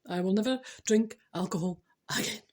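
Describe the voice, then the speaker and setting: A desperate man bargaining with God, huskily pleading and promising to give everything up, as a Scottish woman tells the joke. The voice stays close to her own, with a Scottish lilt and a breathy edge. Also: medium pitch, normal speed, a little mellow, lightly acted. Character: panicked man praying with foot stuck.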